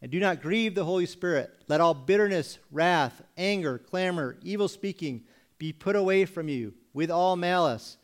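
A man preaching as a pastor, asking pointed rhetorical questions and pausing for effect. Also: sits high. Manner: rhetorical questions with dramatic pauses; acts out congregation voices mockingly. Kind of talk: sermon.

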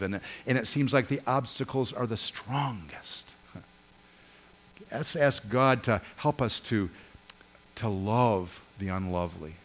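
A man's voice: a bit bright, slight background noise. A man preaching a sermon as pastor, earnest, swelling and dropping his voice for emphasis and speaking straight to his congregation. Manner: earnest, rises and falls in pitch and volume for emphasis; addresses congregation directly, asks them to join in.

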